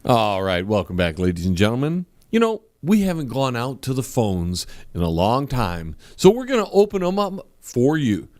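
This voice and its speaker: Call-in host man, comedy radio, animated pitch, breezy patter. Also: normal speed, hardly any pauses, no echo.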